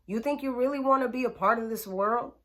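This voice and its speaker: A woman's voice: fairly high pitch, brisk, a bit bright, voice pushed up, close to an everyday voice. A woman voicing a blunt, protective young gang member who speaks curtly and firmly. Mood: warning. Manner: curt, warning, firm.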